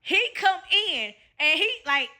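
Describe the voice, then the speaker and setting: A woman's voice: high voice, unhurried. A woman with a Southern US accent casually telling a story, acting out the people in it and swearing a lot. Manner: animated retelling with quoted voices, heavy profanity.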